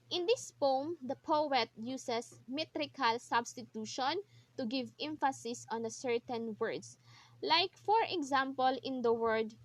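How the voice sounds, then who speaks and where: A young woman talks through a poetry analysis for a class assignment, explaining one step at a time and fixing her own slips along the way. Her voice sits a little high, and her pace is slow and deliberate. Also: fairly bright tone. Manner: slow, careful explaining with frequent restarts and self-corrections. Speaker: student presenting a poetry analysis. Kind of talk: recorded class report.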